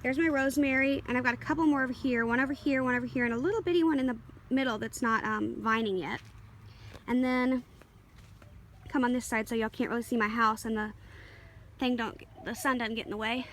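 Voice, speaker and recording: A woman with a somewhat high voice shows off her garden on a handheld camera. She rambles at an easy pace, full of ums and quick apologies. Faint open-air ambience hangs behind her voice. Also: bright, forceful tone, a little hiss or hum. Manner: rambling, easygoing, full of fillers and small apologies. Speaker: garden vlogger. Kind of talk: casual garden tour. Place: outdoors in a home garden. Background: faint outdoor ambience, passing planes.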